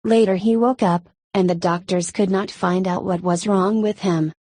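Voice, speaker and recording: A woman voicing an anxious female temple disciple who pleads for help in a rushed, non-stop way. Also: mid-range voice, steady tone, a little mellow, no room sound, natural voice.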